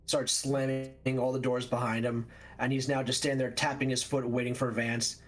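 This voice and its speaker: A man's voice: medium pitch, little pitch movement, faint music behind. Man narrating a tabletop vampire game. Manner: quick, descriptive narration with fillers. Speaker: game master.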